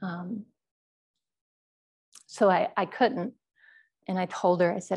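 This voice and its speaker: Gravelly-voiced woman giving a quiet Zen talk. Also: fairly low pitch, steady tone, slow, pauses often. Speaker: Zen teacher. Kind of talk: dharma talk, personal story.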